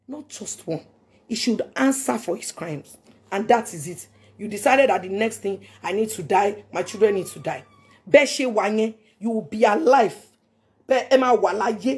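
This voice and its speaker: A woman's voice: medium pitch, husky. A Nigerian woman giving an impassioned personal address, emphatic and prayerful, repeating phrases for force. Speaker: public statement speaker.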